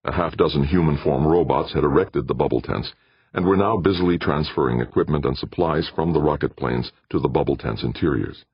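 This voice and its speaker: A man reading a science-fiction novel aloud in steady, measured narration. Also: extremely low pitch, slightly rough, no echo, highs cut off. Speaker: audiobook narrator. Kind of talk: scripted narration.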